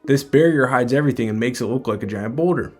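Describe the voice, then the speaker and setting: A dude reading as a wide-eyed young god boy, eager, asking stuff, normal pitch, soft music behind. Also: quick pace, natural voice. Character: earnest pure-hearted young male god.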